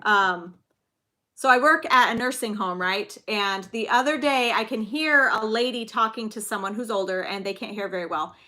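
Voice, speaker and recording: Bright, chatty woman hosting live trivia. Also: mid-range voice, normal speed. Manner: chatty and giggly, tells little stories. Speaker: livestream trivia host and mother. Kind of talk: casual live-stream chat.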